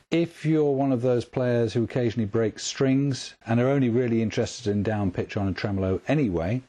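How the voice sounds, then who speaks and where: A man calmly walking through a guitar tremolo setup step by step, patient and methodical. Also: mid-range voice. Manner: calm, patient, step-by-step explaining. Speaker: guitar tech instructor. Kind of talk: instructional demonstration.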